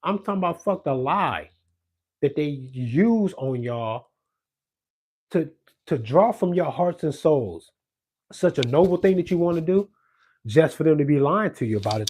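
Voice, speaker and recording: A man's voice: animated, measured pace, long pauses, slight background noise. Profane ranting man. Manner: profane, confrontational, swings from low mutter to loud outbursts. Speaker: podcast host ranting on politics. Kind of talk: profane monologue rant.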